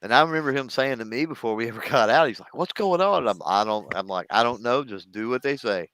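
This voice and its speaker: A man's voice: medium pitch, fast talker, fairly bright tone, dry recording. A man, chatting casually on a show and telling a story, acting out the voices of the people in it. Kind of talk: casual chat.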